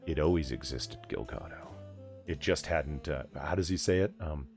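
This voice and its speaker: An extremely low-pitched man speaks at normal speed, faint music playing behind him, as host of a relaxed late-night livestream set in a bar hangout. His talk rambles, with frequent swearing and laughter.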